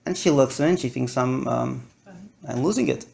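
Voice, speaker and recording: A man lecturing to a live audience, animated and acting out his stories with big swings in his voice. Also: medium pitch, a little fast, creaky.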